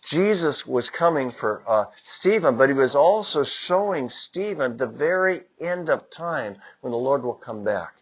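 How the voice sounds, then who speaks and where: A priest giving a conversational homily, building to moments of emphasis. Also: male voice, medium pitch, lively intonation, unhurried, few pauses, highs cut off. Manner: conversational preaching with rising emphasis. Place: church.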